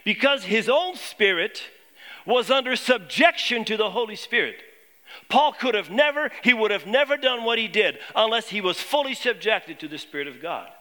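A man preaching a sermon to his congregation, posing questions and dropping low and quiet on key points. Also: lively intonation, normal speed. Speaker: pastor.

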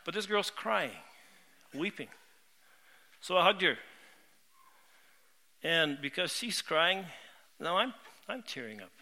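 A middle-aged pastor preaching from the pulpit, earnest and heartfelt, circling back on his words as he tells personal stories. His voice sits high for a man, with a bright, sharp, piercing edge. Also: big pitch swings, slow, long pauses. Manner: earnest, heartfelt storytelling with frequent word repeats. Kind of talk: sermon.

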